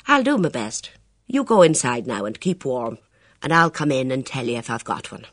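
A man's voice: medium pitch, very animated, moderate pace, a bit bright, dry recording, clean studio sound. A reader voicing a chatty, persuasive Irish hotel doorman in an audiobook, with an Irish accent. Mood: coaxing. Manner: coaxing, folksy.

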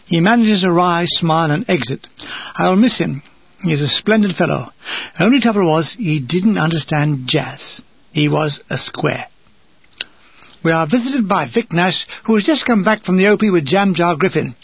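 An older man from England reading a war memoir aloud with a dry, wry comic delivery and a gravelly, husky voice. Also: on the high side, expressive, moderate pace, dry recording, highs cut off. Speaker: narrator.

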